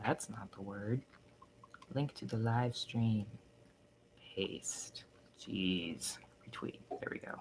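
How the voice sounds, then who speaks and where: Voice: medium pitch, takes it slowly, pauses often, a little hiss or hum. A young adult livestreamer chatting casually, rambling, swearing freely and getting giggly and flustered when reacting to old drawings.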